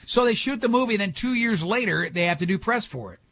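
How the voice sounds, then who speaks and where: A man's voice: high-pitched, lively intonation, quick pace, a bit bright, dry recording. A man hosting a radio show, joking and rambling in casual studio banter with mock-grand asides.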